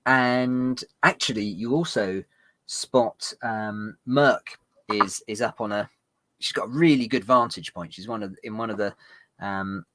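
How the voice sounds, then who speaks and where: A man narrating as game master of a tabletop game, rambling and halting with many fillers. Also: medium pitch, a bit bright, dry recording.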